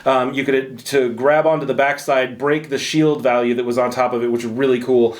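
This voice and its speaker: A man's voice: medium pitch, level tone, fairly quick. A man hosting a casual chat about a video game, rambling and joking at his own expense. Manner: jokey, rambling, self-deprecating banter. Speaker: host.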